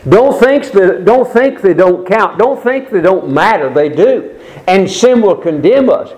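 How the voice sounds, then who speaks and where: A man preaching a sermon, earnest and emphatic, asking the congregation rhetorical questions and reading scripture slowly and deliberately. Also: sits high, lively intonation, darkish tone, low-quality recording.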